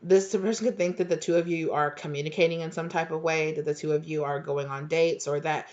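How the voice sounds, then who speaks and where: A woman's voice: low voice, steady tone, a little fast, darkish tone, dull audio. A woman giving a casual tarot reading, chatty and full of fillers, laughing now and then. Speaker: tarot reader.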